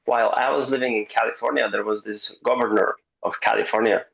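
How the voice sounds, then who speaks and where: A man coach in casual roundtable chat, animated and joking, with hesitant restarts and the odd swear. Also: on the low side, fast talker, creaky, lo-fi sound.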